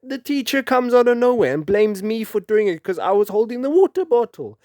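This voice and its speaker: A young man from Africa, telling a rambling, animated story and laughing often. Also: sits high, brisk, dry recording, clean studio sound. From South Africa. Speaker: vlogger. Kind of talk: casual storytelling.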